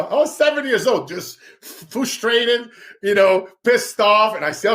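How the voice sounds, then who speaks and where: A man's voice: sits high, sing-song, a little slow, a bit bright. Fervent Brazilian-accented man telling his story. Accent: Brazilian Portuguese. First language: Portuguese. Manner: fervent, storytelling, calls host bro. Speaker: guest, success speaker. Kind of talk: animated interview talk.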